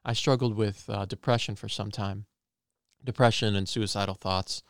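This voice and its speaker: Earnest low-voiced man preaching. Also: steady tone, normal speed, gravelly, no room sound, studio quality. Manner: earnest, repeats phrases for emphasis. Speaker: preacher sharing testimony. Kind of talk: personal testimony and preaching.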